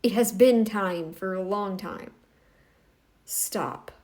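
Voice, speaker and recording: A woman's voice: medium pitch, slow, a little mellow. A woman giving casual reaction commentary in a blunt, scolding, emphatic way.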